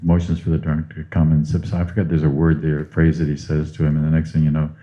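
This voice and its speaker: Very deep-voiced man on a tinny line. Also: completely flat delivery, warm tone. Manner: unhurried, reads passages aloud slowly. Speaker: host. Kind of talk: spiritual conversation.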